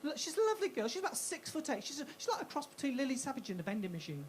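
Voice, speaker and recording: A woman's voice: high-pitched, sing-song, rapid-fire. A woman doing a stand-up comedy set on a club stage, brash and punchy with self-mocking asides.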